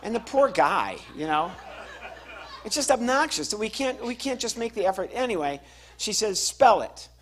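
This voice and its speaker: A man's voice: sits high, normal speed. A man doing a stand-up comedy routine, telling a story on stage and acting out the voices of its people. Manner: animated storytelling with acted-out voices. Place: live venue with laughing audience.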